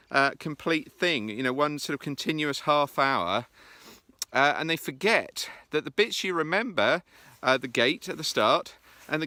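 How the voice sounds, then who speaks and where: A man's voice: fairly high pitch, sharp tone, no room sound. A man talking casually to camera as he walks outdoors in the countryside, coaching on presentations with a chatty, self-deprecating manner. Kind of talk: casual walking vlog.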